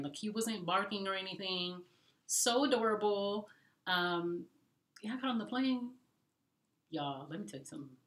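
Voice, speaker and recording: A woman vlogging travel tips in a chatty, animated way, talking to viewers as y'all. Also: mid-range voice, echoey room. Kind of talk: casual storytelling vlog.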